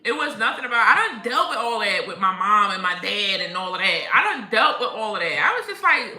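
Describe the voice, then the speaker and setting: A woman's voice: mid-range voice, fairly quick, hardly any pauses. A woman hosting a spiritual livestream, chatting casually and telling stories with lots of laughter. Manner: animated, laughing storyteller. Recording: echoey room with faint music.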